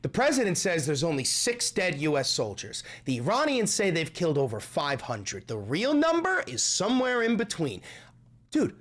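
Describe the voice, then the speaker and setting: A man streaming an angry political rant, swearing heavily and breaking into shouts. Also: sits high. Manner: furious, swearing, shouting bursts. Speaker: streamer reacting to news clips.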